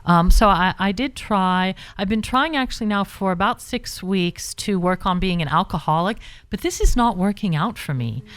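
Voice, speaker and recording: A woman speaking as a radio guest in a chatty, self-mocking way, with plenty of stumbles and restarts. Her voice sits at an ordinary middle pitch. The studio sound is dry and close. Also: lively intonation, moderate pace, few pauses, a bit bright, dry recording. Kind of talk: casual radio chat.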